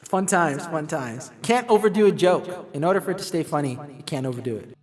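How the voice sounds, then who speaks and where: A man hosting a casual music livestream, chatting in a relaxed, rambling way and interrupting himself as he adjusts his pedals. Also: a little high, a little fast. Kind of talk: casual livestream chat between song demos. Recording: loud music under the voice. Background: guitar playing.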